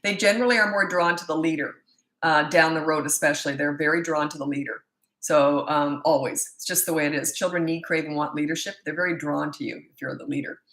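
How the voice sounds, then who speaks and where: A woman's voice: deep voice, steady tone, brisk, fairly bright tone, roomy sound. A woman in her sixties from Canada, a parenting coach answering viewer questions in a blunt, firm, opinionated way with rambling asides. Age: 60s.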